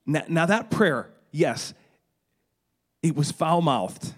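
A man's voice: on the high side, animated, slow. A middle-aged man preaching a sermon, retelling a story dramatically with stammered restarts. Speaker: pastor.

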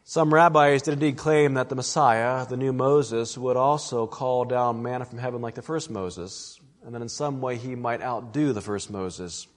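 A man's voice: mid-range voice, normal speed, few pauses, in a large hall. A man preaching an expository sermon, earnest and emphatic, often addressing his listeners as friends.

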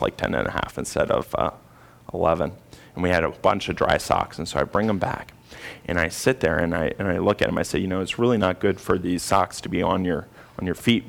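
A man's voice: deep voice, gravelly, a bit bright. A man preaching a sermon, telling a personal story earnestly with frequent restarts.

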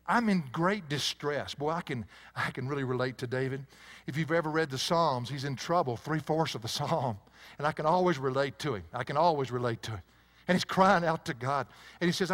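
A man preaching a sermon as pastor to a church congregation, swinging between loud emphasis and hushed, quiet lines. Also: fairly high pitch.

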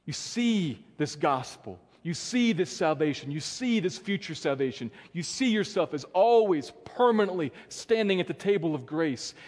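Pastor guy preaching, earnest, goes quiet and low for the big words, long church echo. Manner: earnest, dropping soft and low for emphasis. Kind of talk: sermon. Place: church sanctuary. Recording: long church hall reverb.

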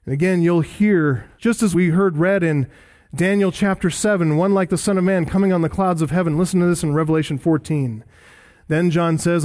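A male preacher delivering a sermon, emphatic, rising for stress and dropping low for weight. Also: moderate pace. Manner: emphatic, swinging between loud rises and low drops.

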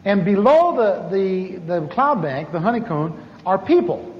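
High-voiced man preaching in an echoey hall. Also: measured pace. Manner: animated, acts out dialogue with big pitch swings. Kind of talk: storytelling sermon. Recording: echoey hall, dull lo-fi sound with faint noise.

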